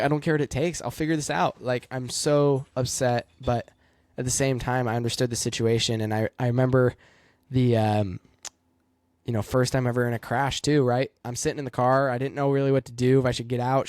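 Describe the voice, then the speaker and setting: A man's voice: mid-range voice, a little mellow, no echo, studio quality. A young man, a race car driver, telling a personal story in a casual, reflective way with lots of fillers. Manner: reflective, rambling with many fillers.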